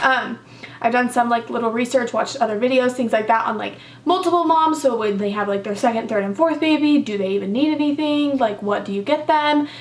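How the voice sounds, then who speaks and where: A young woman vlogging in a chatty, rambling way with lots of fillers, at home. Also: a little high. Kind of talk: casual mommy vlog. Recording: echoey room, mic at a distance, faint background noise.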